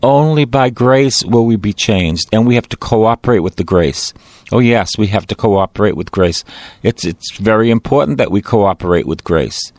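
A man's voice: lowish voice, expressive, moderate pace, a little mellow, no echo. A middle-aged man preaches in the rolling, repetitive cadence of a priest's sermon, pressing each point home with emphasis. The recording is dry and close, with no room sound.

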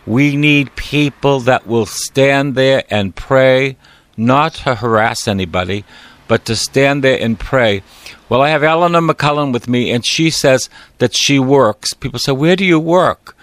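Male priest host, slow and deliberate, smooth clear voice, dry studio sound. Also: mid-range voice, fairly bright tone, dry recording. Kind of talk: radio talk host.

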